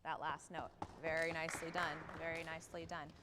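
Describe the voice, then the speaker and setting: Speaking fairly quickly in a low, level voice over loud music, a woman conductor coaches her wind band on a theatre stage. She's upbeat and direct, counting off and singing out the notes. The livestream audio has long theatre-hall reverb.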